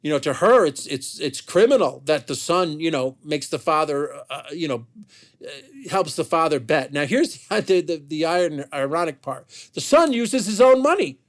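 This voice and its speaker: A man telling a family story in an unscripted monologue, heated and animated, with many restarts and asides. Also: a little high, moderate pace.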